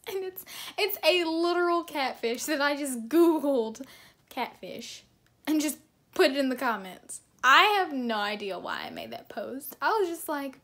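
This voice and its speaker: A woman's voice: high voice, measured pace, a bit bright. A young woman vlogger chatting casually and self-deprecatingly, with lots of fillers as she reacts to her posts.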